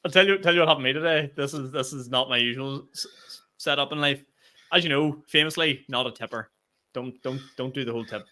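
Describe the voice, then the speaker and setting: Male comedian, quick and bright, cheeky anecdote-teller. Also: mid-range voice. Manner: animated storytelling, swears freely. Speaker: podcast co-host and stand-up comedian. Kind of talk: casual chat.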